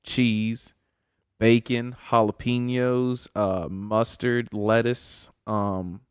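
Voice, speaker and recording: Profane young man telling animated stories. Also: medium pitch, drawn-out words, clear, resonant tone, no echo, studio quality. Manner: profane, animated storyteller who acts out voices. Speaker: podcast co-host. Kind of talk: casual chat.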